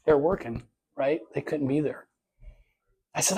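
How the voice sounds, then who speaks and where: A man speaking to a live audience in a motivational talk. He tells his stories with energy and acts out the voices of the people in them. His voice sits a little higher than most men's. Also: normal speed, husky. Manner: animated storyteller, acts out voices in his anecdotes.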